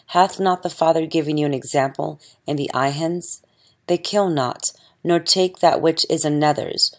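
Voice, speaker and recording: Low-voiced woman reading scripture. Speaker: audiobook reader.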